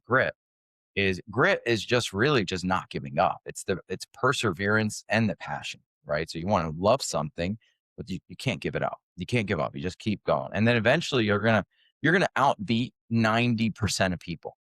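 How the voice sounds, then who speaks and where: A man in his forties, a podcast guest, talking casually with lots of fillers and lively anecdotes. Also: fairly low pitch, fairly quick, no echo, clean studio sound. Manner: conversational, animated anecdotes, many fillers. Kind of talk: casual interview talk.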